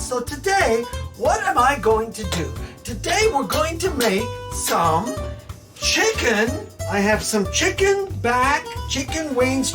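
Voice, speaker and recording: A woman's voice: fairly high pitch, fairly bright tone. A woman hosting a casual home cooking tutorial in her kitchen, chatty and repeating each step. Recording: distant mic with faint background music.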